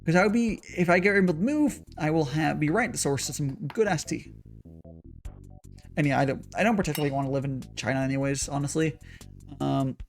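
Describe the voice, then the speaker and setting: A man's voice: fairly high pitch, brisk, vocal fry, faint music behind. A young man chatting casually on a livestream while making tea, rambling with lots of restarts and repeated words. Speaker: streamer.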